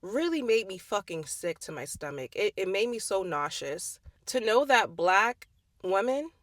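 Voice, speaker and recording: A woman's voice: medium pitch, very animated, measured pace, a bit bright, no room sound. Young woman, blunt, heated, profane commentary, rhetorical questions, dry room. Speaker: commentary vlogger. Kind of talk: impassioned social commentary monologue.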